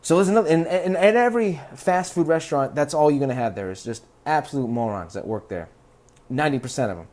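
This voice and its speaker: A podcast host delivers a casual, rambling monologue, telling stories in a profane, laid-back way. His voice is a little high and darkish in tone, and he speaks fast and animatedly.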